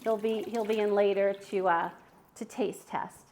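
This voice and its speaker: Woman, mid-pitch, chatty live cooking host in her kitchen, talks to chat while she works. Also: steady tone, moderate pace, a little mellow. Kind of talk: casual live cooking demo. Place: home kitchen.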